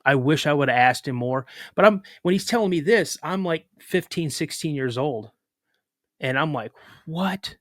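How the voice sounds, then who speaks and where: A man's voice: a little high, moderate pace, no room sound. Man telling a story, dry close sound. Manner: lively retelling with filler words and restarts. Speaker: podcast guest. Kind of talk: casual spoken storytelling.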